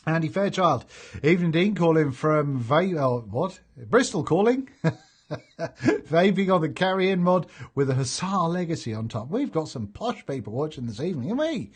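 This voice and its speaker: A man's voice: fairly high pitch, very animated, normal speed, husky. A man hosting a casual live stream, chatting and reading out viewer comments, jokey and laughing easily. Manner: chatty and jokey, laughs often, many fillers. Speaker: host of a live vaping stream.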